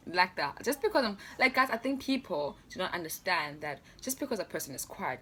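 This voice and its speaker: Lively low-voiced young woman vlogger. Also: fairly quick, hardly any pauses, a little hiss or hum. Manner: chatty, laughs often, many fillers. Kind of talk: casual storytime vlog.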